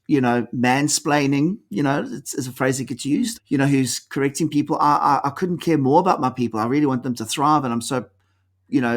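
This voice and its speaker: A middle-aged man speaks in a mid-range voice as a guest in a conversational interview. He tells stories animatedly and slips into the voices of the people in them. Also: mid-range voice. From South Africa. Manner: animated storyteller, acts out quoted dialogue. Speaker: executive coach guest.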